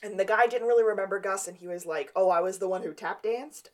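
A woman's voice: medium pitch, fast talker. A woman co-hosting a podcast, casually retelling scenes from a TV episode and acting out the characters' lines. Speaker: podcast co-host. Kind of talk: casual recap chat.

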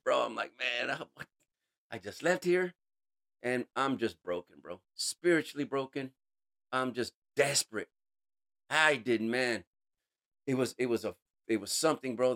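A man giving an emotional personal testimony in an interview, earnest, calling the listener bro, voice rising high and dropping to a hush. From United States. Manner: swings between raised intensity and hushed quiet. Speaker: interview guest.

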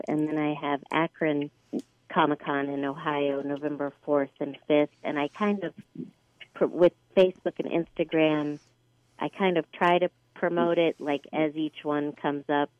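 A woman who appears at conventions chats in a friendly, hesitant way with many fillers. Her voice is very low for a woman. The sound is dry and dull. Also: no room sound. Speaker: convention guest. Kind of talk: casual interview chat.

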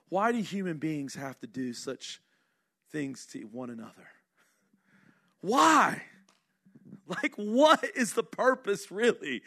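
A middle-aged male pastor delivers a sermon in a bright, fairly high voice. He talks to the congregation in an earnest, conversational way, full of rhetorical questions, and drops low and quiet when he wants to press a point home. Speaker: senior pastor.

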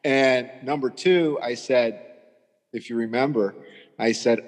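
A man in his sixties telling his story as a patient guest in a halting, rambling way, often restarting. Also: medium pitch, steady tone, long reverb tail. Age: 60s. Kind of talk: conversational storytelling.

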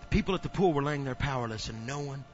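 A man preaching a sermon in a church, swinging from loud to hushed. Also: mid-range voice, lively intonation, fast talker, soft background music. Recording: dull lo-fi recording.

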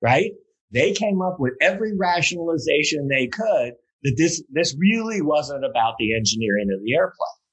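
Husky guy telling a story in an interview, lots of ums, then hammers his point home. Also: on the high side, moderate pace, rough recording. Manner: animated, many fillers and restarts, builds to emphatic points. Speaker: guest speaker on safety culture. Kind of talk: conversational storytelling.

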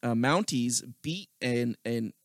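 A man's voice: medium pitch, lively intonation, slow pace, no room sound, studio quality. A man co-hosting a podcast in casual chat, giving blunt, opinionated takes. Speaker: podcast co-host.

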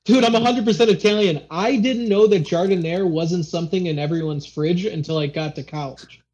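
A man's voice: high voice, a little fast. Blunt young man with a dull lo-fi sound. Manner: animated, blunt, swears freely. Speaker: podcast co-host. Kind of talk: casual chat.

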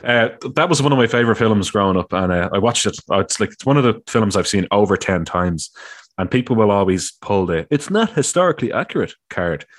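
A man's voice: on the low side, expressive, brisk. A man co-hosting a casual chat, talking loosely and swearing now and then. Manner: casual, swears, quotes film lines loudly. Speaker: co-host.

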